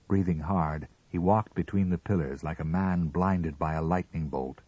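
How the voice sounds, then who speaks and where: Deep, husky male storyteller. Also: dry recording. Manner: measured, expressive reading. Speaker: narrator. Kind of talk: audiobook story reading.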